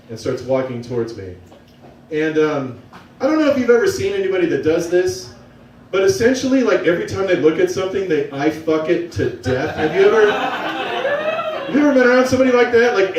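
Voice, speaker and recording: A young man telling a profane, excitable, self-mocking story on stage to a live audience. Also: high-pitched, a little hiss or hum. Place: small venue with a live audience. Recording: roomy, from a distance.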